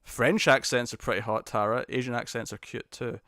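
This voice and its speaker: A man's voice: medium pitch, fairly even intonation, fairly quick, a bit bright, no echo. A man from the UK hosts a live stream, reading out viewer comments in a loose, rambling style. He stammers, restarts his sentences and often chuckles. His voice sits mid-range and is recorded dry and close.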